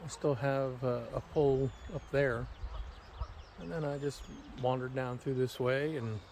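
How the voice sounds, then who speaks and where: A man's voice: mid-range voice, fairly even intonation, a little slow, a little mellow, a little hiss or hum. A man chatting casually on a fishing vlog, folksy and jokey, walking by a river with a handheld camera. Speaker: fishing vlogger. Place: outdoors by a river.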